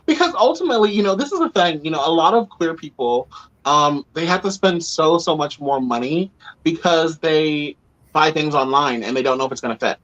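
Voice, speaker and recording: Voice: mid-range voice, lively intonation, a little fast, fairly bright tone, lo-fi sound. A podcast host talking earnestly and emphatically in a casual panel chat, with many "like" and "you know" fillers.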